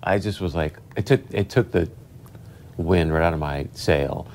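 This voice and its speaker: Low-voiced man joking as news co-anchor. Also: moderate pace, a little mellow, a little hiss or hum. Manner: teasing, jokey, tells anecdotes. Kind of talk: casual on-air banter between news stories. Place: TV news studio.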